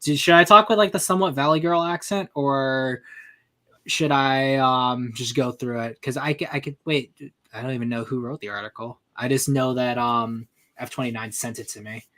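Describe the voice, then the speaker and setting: A man's voice: medium pitch, normal speed. A man hosting a casual group podcast, joking, swearing and reading articles aloud. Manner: animated, jokey, swears freely. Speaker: podcast host.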